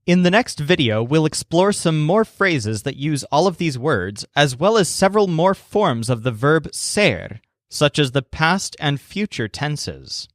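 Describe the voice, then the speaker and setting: A man teaching a language lesson, telling a scripted mnemonic story and clearly explaining words and syllables. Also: on the high side, very animated, unhurried, hardly any pauses, no room sound, clean studio sound.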